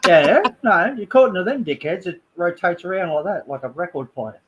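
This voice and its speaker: A man joining a live video chat, full of crude jokes, with clear noise behind him. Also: high-pitched, sing-song, a little fast, dull audio. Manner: joking, crude banter. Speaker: livestream guest. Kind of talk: casual chat.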